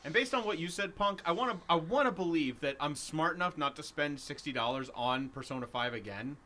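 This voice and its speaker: A young man co-hosting a casual gaming podcast, animated and jokey, laughing at himself. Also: fairly high pitch, a little fast. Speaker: podcast co-host. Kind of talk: casual chat.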